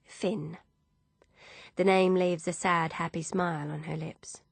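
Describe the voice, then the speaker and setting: Female audiobook narrator, measured delivery, gravelly low voice. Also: no room sound. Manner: steady, measured storytelling. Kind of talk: scripted narration.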